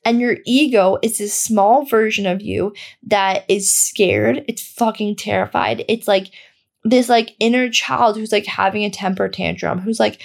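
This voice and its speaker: A young woman talks through a self-help podcast episode in a loose, candid monologue. Her mid-range voice carries a gravelly fry. She swears without hesitation and fills her sentences with "like". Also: mid-range voice, fairly even intonation, measured pace. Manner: casual and candid, swears freely, heavy use of "like". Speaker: podcast host.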